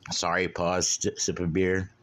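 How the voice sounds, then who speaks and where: Solo podcast host, man, low-pitched, profane and laid-back rambler. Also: completely flat delivery, a little slow, a bit bright. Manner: profane, blunt, drinking beer while talking.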